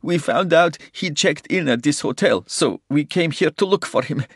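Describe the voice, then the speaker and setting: A man's voice: a little high, animated, moderate pace, fairly bright tone, husky, no echo, studio quality, voice pushed up. A man voicing a wounded Russian agent who pleads and sobs under interrogation. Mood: terrified pleading. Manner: sobbing, pleading, gasping in pain. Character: wounded, terrified male Russian agent captive.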